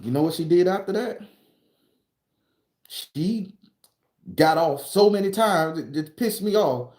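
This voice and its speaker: A man's voice: animated, a little slow. Profane storytelling man in a roomy echo. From southern Florida. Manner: profane, rambling, gets higher and louder when worked up. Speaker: storytelling channel host.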